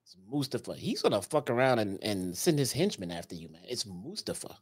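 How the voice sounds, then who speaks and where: A man's voice: on the low side, sing-song, fairly quick, slightly rough. A man from Chicago co-hosting a casual wrestling review, playful and teasing. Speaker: podcast co-host.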